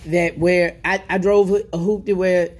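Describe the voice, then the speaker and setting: A man's voice: high-pitched, level tone, a little slow. A man co-hosting a podcast in casual chat, agreeing and chiming in briefly. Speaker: podcast co-host.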